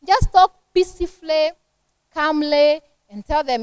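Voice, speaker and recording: A middle-aged woman with a Kenyan accent gives a lively, conversational seminar talk on parenting to a church women's group, acting out everyday family scenes. Her voice sits high and moves at a normal speed, with no room sound.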